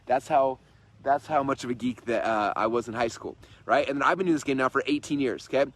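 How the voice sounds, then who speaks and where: A man in his thirties talks at a rapid clip, pressing his point over and over with persuasive energy. His voice has a husky, slightly rough grain. He speaks as a coach rallying a group on a livestream. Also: medium pitch, fairly bright tone. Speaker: host and coach. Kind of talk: motivational livestream talk. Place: in-laws' home.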